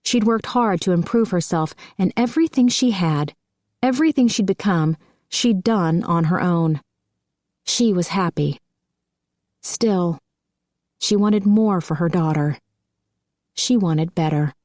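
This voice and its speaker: A woman reading an audiobook as narrator in a steady, measured way, close to a studio mic. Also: lowish voice, no room sound. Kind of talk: scripted narration.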